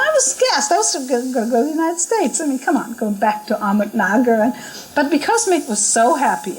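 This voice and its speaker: Animated woman telling a story, laughing. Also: a little high, low-quality recording. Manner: animated, laughs often, quotes others in lively voices. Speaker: storyteller recalling a spiritual journey. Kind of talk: casual spoken memoir. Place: talk at a spiritual center.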